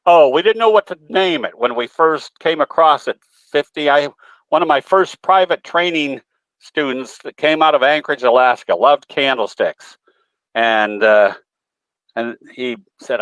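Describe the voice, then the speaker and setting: A man's voice: medium pitch, expressive, moderate pace, fairly bright tone, no room sound, rough recording. A man presenting in a webinar, talking in a folksy, rambling way with many filler sounds. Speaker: guest presenter, trading educator. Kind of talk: webinar talk with a folksy anecdote.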